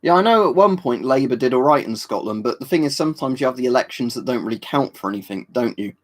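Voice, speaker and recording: Answering chat during his livestream, a British man speaks expressively at a quick pace in a medium-pitched voice. His replies are rambling and casual, packed with fillers and tag questions.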